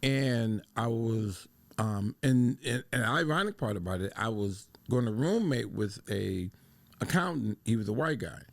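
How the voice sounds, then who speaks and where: A middle-aged man from Detroit tells a story on a podcast, animated and full of restarts. His voice sits at an ordinary pitch and is recorded dry, with no room sound. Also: measured pace, vocal fry, dry recording. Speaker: podcast co-host. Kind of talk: casual discussion.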